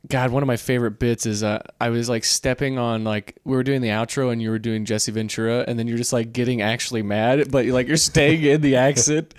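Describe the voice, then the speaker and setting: A man's voice: mid-range voice, fairly even intonation, fairly quick, few pauses, no room sound, studio quality. A man co-hosting a podcast in casual chat, wry and teasing. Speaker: podcast co-host.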